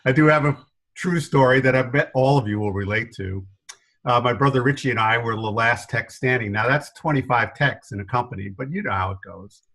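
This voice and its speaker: A middle-aged man with a faint New York accent, a guest telling stories in an interview, animated and self-deprecating, laughing often. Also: mid-range voice, fairly quick, low-quality recording. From New York area. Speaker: guest consultant. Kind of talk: storytelling interview answers.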